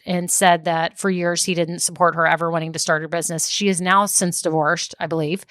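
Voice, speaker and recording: A woman's voice: lowish voice, fairly bright tone, no echo. Chatty woman podcaster, dry sound. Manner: chatty, laughs often, goes on tangents. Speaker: podcast host and business coach. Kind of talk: casual solo podcast talk.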